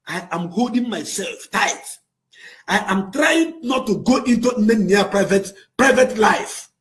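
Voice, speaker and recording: A man with a Nigerian accent delivers a fiery, impassioned rant to the camera, swinging between shouting and low, intense passages. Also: lively intonation, a little slow. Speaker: activist speaking to camera.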